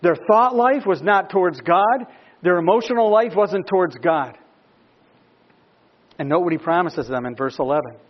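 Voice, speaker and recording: High-voiced preacher, muffled recording. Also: male voice, moderate pace, pauses often. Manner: rises from quiet explanation to emphatic questioning. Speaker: pastor. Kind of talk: sermon.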